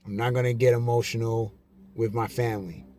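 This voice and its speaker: A man vlogger giving a casual, emphatic monologue to camera, slowing down and repeating his key lines. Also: mid-range voice, flat delivery, mellow. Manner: slow, repetitive, emphatic.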